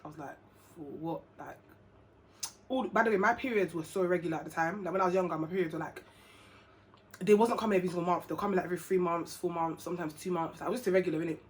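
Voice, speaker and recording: A young woman, telling a personal story to camera in a casual, animated way, laughing and acting out what people said. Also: on the low side, very fast, slight background noise. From England. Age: young adult. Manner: animated, slangy, laughs often, acts out dialogue. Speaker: vlogger.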